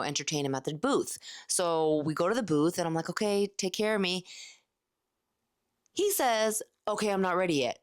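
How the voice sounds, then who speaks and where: A woman in her late thirties telling a candid, animated story about a night at work. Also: lowish voice. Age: 30s. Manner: animated, candid, acts out quoted lines. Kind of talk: casual storytelling vlog.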